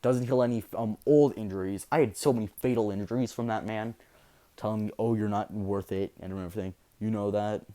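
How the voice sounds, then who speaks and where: A man voicing a scarred, bitter teenage hero boy in a halting, hesitant way. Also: on the low side, steady tone, warm tone, lightly acted. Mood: grim. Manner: halting, hesitant delivery with fillers.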